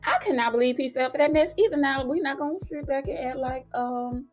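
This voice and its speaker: A woman hosting her own TV recap channel, telling the story in a casual, sassy and animated way. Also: high-pitched, a little fast, faint music behind. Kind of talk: casual review vlog.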